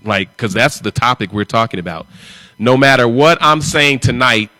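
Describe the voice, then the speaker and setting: A man's voice: medium pitch, lively intonation, moderate pace, bright, forceful tone, dry recording. A man hosting a live stream, talking in an emphatic, repetitive and confrontational way. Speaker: livestream host.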